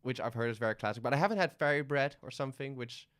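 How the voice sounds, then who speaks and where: A man's voice: medium pitch, very fast, fairly bright tone. A man from the Netherlands, hosting a casual interview podcast and asking curious, teasing questions. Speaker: podcast host.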